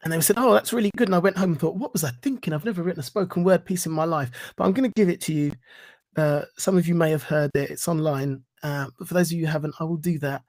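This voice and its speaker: A man giving a reflective talk and reciting spoken-word poetry in an earnest, rhythmic way with deliberate pauses. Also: on the high side, a little mellow. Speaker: guest speaker.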